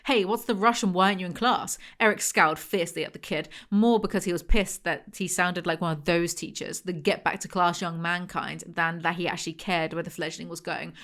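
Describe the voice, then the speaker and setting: A woman's voice: lowish voice, fairly even intonation, brisk, hardly any pauses, fairly bright tone. A young woman, reading a novel aloud and breaking off for sarcastic, mocking commentary. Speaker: book reviewer.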